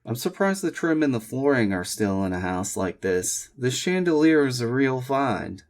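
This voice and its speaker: A man's voice: medium pitch, sing-song, normal speed, lightly acted. A man voicing a polite, slightly shy female real estate agent in an audiobook reading. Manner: reads property details in a list.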